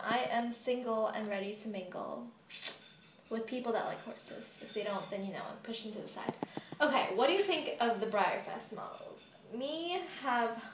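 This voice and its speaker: Young woman, high-ish voice, chatty and rambling, phone recording, echoey room with faint hiss. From United States. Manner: chatty, rambling, giggly asides. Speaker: model horse YouTuber. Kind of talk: casual Q&A vlog. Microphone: phone camera propped on a table.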